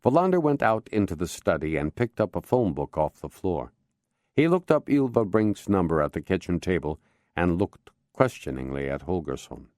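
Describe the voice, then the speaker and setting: A man giving measured, expressive scripted narration of a crime novel audiobook. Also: low-pitched, no echo, studio quality.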